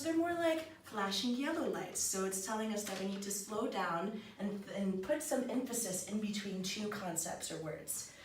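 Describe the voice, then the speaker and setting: An upbeat young woman leads a small classroom grammar lesson, encouraging her students as she works through examples. She is picked up from a distance in an echoing room. A faint hiss sits under her voice. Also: mid-range voice. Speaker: student teacher leading a small group. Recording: roomy echo, mic far off, faint hiss.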